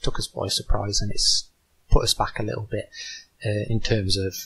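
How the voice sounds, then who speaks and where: A man guest on a podcast, talking casually about designing a board game, halting with many ums and restarts. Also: fairly low pitch, wildly swooping pitch, fairly bright tone, husky, low-quality recording.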